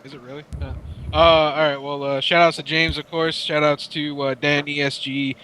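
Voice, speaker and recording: Bright-voiced man telling animated stories. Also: a little high, moderate pace, slight background noise. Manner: animated, profane storytelling. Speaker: podcast co-host. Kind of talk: casual gaming podcast banter.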